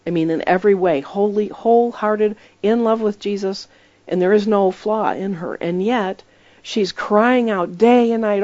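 A woman's voice: mid-range voice, a little slow, darkish tone, no room sound, highs cut off. A woman preaching in a conversational sermon style, telling stories emphatically and acting out the voices she quotes.

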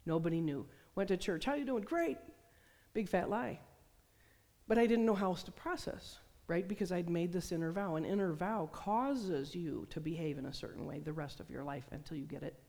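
A woman's voice: lowish voice, fairly quick, a little mellow. A middle-aged woman preaching a sermon, telling stories and acting out the voices she quotes. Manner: storytelling, acts out quoted voices. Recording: long hall reverb.

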